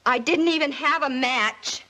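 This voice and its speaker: A woman's voice: high-pitched, a little slow, sharp tone, rough recording. An actress playing a troubled schoolgirl accused of setting fires, pleading and defensive, in 1950s TV drama style. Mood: desperate. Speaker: daughter Alice.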